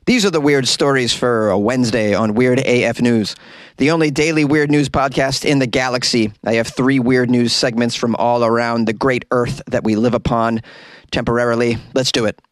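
A man's voice: mid-range voice, fairly even intonation, normal speed, dry recording. A man with a Boston accent hosting a comedy news podcast, rambling and joking through digressions. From Boston, USA. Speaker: podcast host. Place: small closet.

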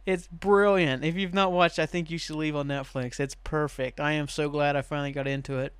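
A man's voice: on the high side, fairly even intonation, a little fast, fairly bright tone, smooth, no echo. A young man hosting a podcast in casual, rambling chat, laughing often and swearing now and then. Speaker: podcast host.

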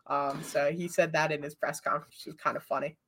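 A woman's voice: sits low, flat delivery, quick pace, fairly bright tone, breathy edge. A woman co-hosting a casual sports podcast, blunt and heated in her opinions. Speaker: podcast co-host.

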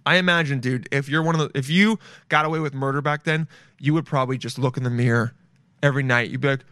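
A man's voice: mid-range voice, fairly even intonation, fast, sharp tone, smooth, no echo, studio quality. A young man riffing comedically in a crude, rambling way, swearing and drifting into goofy tangents. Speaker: comedic commentator.

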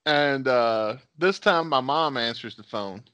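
A man's voice: medium pitch, measured pace, pushed and bright, smooth. A man hosting a podcast, telling a profane, laughing story casually. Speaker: podcast host.

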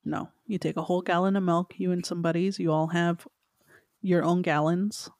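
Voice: mid-range voice, steady tone, normal speed, a little mellow, dry recording, clean studio sound. A co-host in casual chat, talking in a laid-back, musing way with some hesitation.

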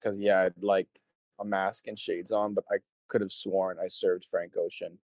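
Low-pitched and a little mellow, this young man's voice barely moves in pitch as he talks at normal speed with no echo. He's a show promoter being interviewed on a laid-back podcast, wandering through anecdotes, cursing openly, and mimicking people's words.

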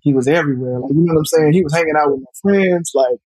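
A man's voice: on the high side, fast talker, darkish tone, breathy edge, no room sound, low-quality recording. A man from Alabama with a Southern US accent, a film director chatting loosely as a podcast guest and leaning on lots of fillers. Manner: loose and conversational, lots of "you know" fillers. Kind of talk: casual podcast conversation.

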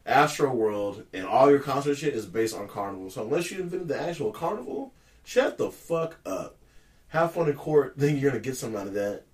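A man co-hosting a casual chat, telling profane, animated stories and acting out quotes. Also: medium pitch, a little fast, recorded from a distance.

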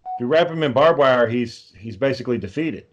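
A man's voice: mid-range voice, animated, brisk, a little hiss or hum. Profane rambling man, muffled. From Texas. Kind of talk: casual chat. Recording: dull lo-fi sound.

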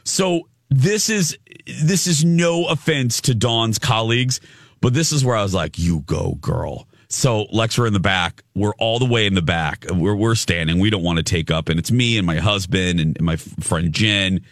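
A male radio host chatting on air, telling a story in an animated, rambling way with lots of restarts. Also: on the low side, normal speed, dry recording. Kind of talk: casual on-air chat.

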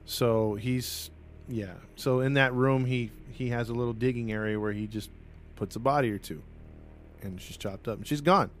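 A man's voice: mid-range voice, moderate pace, a little hiss or hum. Guy hosting a true crime pod, mid voice, rambly with lots of uhs. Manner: rambling, lots of fillers and restarts. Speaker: podcast host. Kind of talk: casual true-crime storytelling.

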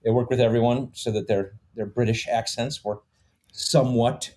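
A man's voice: medium pitch, fairly even intonation, normal speed, mellow. A man in a casual podcast chat, explaining how things worked behind the scenes, with many "you know" fillers. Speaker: comedy troupe member, co-host.

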